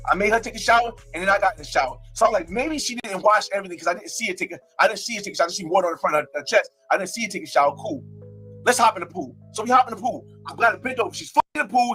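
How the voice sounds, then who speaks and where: A brash young man from North New Jersey tells a story at a quick clip, his voice sitting fairly high and a little husky. He repeats himself and acts out his own lines as a live streamer. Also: sharp tone. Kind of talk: casual storytime.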